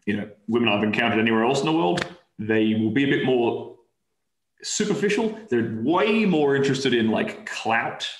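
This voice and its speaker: A man's voice: medium pitch, expressive, moderate pace. Easygoing Australian man, roomy sound. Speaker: podcast guest. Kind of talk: casual interview chat. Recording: roomy echo.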